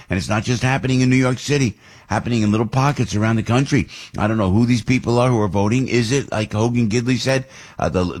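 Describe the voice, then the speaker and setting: An older man, hosting a talk radio show in an animated, rambling way with big jumps up in pitch. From New Jersey. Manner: rambling and nostalgic.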